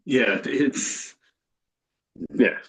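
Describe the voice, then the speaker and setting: A man's voice: drawn-out words, fairly bright tone, rough recording. A man from New Jersey co-hosting a podcast, chatting casually about sports with dry, wry asides. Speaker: podcast co-host.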